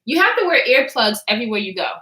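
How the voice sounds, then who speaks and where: A woman in her twenties chats through a storytime for her live viewers, cursing freely and answering the chat between sentences. Her voice sits high and bright. The room around her is echoey. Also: sing-song, fast talker. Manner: blunt, profane and chatty, answering chat as she talks.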